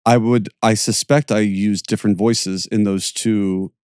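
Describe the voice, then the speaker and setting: A man's voice: on the low side, fairly even intonation, a little slow, darkish tone, clear, resonant tone, no room sound, clean studio sound. A man hosting a podcast, talking casually, searching for words and laughing often. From Pittsburgh area, USA. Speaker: podcast host and yoga teacher.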